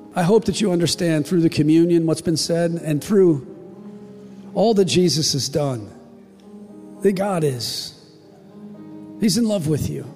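Impassioned high-voiced male pastor, gravelly. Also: in a large hall. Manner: impassioned, rising to shouts and dropping to near-whispers. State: emotional. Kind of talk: sermon. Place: church.

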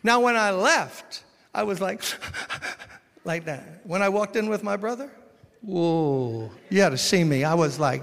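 A man from Brooklyn, preaching a sermon as pastor, swinging between loud exhortation and quiet storytelling. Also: sits high, lively intonation, a little slow, gravelly. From Brooklyn, New York. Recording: long reverb of a large hall.

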